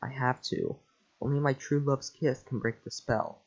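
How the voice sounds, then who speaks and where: A man's voice: medium pitch, fairly even intonation, unhurried, lightly acted. A man voicing an earnest young princess under a curse, a little flustered, in a casual script reading. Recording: lo-fi home mic.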